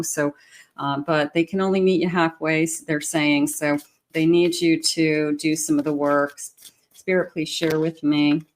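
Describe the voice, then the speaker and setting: A woman with a low voice talks the viewer through a tarot spread. She sounds encouraging and personal, and she stops often to search for words. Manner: warm, encouraging, talks directly to the viewer with many fillers. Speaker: tarot reader. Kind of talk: tarot reading to camera.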